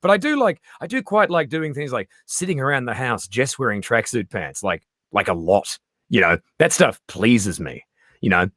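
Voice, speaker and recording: A middle-aged Australian man, a comedian guest in casual chat, animated and swearing freely as he acts out little voices. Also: medium pitch, normal speed, no room sound, clean studio sound.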